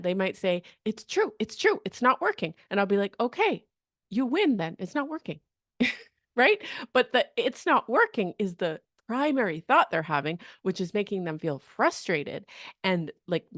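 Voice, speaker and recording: A woman's voice: lowish voice, no echo. Chatty woman career coach with dry sound. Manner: energetic, chatty, acts out quoted people, frequent "okay?" and "right?". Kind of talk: podcast monologue.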